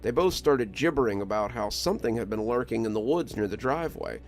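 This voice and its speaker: A man reading a scripted first-person story in a calm, measured manner. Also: medium pitch. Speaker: narrator. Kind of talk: scripted horror story narration. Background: soft music.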